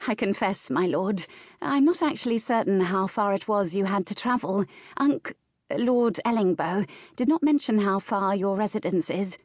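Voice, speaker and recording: A woman voicing a nervous young gentlewoman who speaks in a high, chirpy, eager and polite way. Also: animated, moderate pace, dry recording, studio quality, lightly acted. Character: nervous young gentlewoman trying to sound serene.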